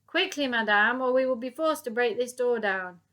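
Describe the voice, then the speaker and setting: Sex: woman as men. Figure: barking military police. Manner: shouted orders. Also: medium pitch, fairly even intonation, fairly quick, natural voice. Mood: stern, shouting. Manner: barking, commanding. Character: loud stern military policemen pounding on a door.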